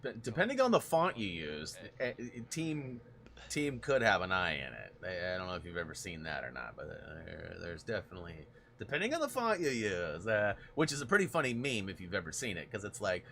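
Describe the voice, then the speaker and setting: A man's voice: fairly low pitch, sing-song, a little fast, creaky, pushed and bright, a little hiss or hum. A man hosting a gaming stream, chatting casually and rambling through long stories with frequent laughs. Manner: rambling storyteller, laughs often. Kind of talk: casual chat while gaming.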